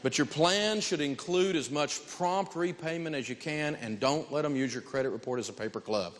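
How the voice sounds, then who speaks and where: A man giving an animated, emphatic live talk on stage in a large hall, telling stories as he goes. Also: on the high side, moderate pace, hardly any pauses. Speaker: financial speaker. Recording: long hall reverb.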